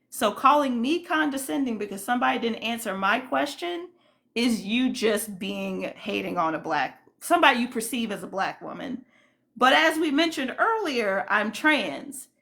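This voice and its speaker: Woman streamer with a gravelly fry. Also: fairly high pitch, fairly bright tone. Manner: indignant, rambling commentary with many fillers. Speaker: livestream host. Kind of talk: casual livestream chat with viewers.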